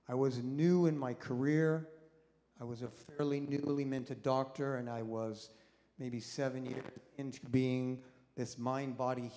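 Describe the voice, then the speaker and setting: A middle-aged man, a doctor, telling a personal story in a sermon and acting out the voices of the people in it. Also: mid-range voice. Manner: animated storyteller, acts out quoted voices, engages the audience. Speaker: doctor and guest speaker at a congregation service. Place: congregation hall. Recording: long reverb of a hall.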